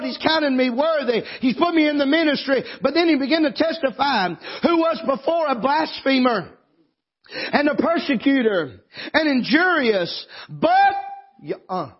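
A man preaching a sermon in church as pastor, moving from quiet scripture reading to impassioned, tearful shouting. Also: very high voice. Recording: dull lo-fi sermon recording.

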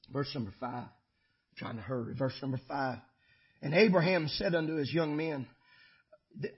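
A man preaching a sermon as pastor, shifting between shouted climaxes and quiet conversational asides. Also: on the high side, dull audio.

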